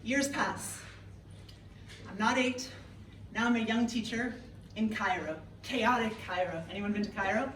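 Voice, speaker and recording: In an echoey event hall, a noisy recording from a distant mic catches a Canadian woman in her thirties. Her slightly high voice is unhurried as she tells a comic story to a live audience, playful and lively, speaking directly to the crowd.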